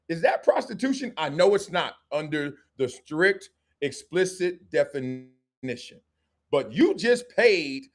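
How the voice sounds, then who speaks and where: A middle-aged man hosting a live show, commenting on sports and culture in a joking, animated way and acting out quick skits. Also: high voice. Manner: animated and joking, slips into quick acted-out skits with different voices. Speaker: host.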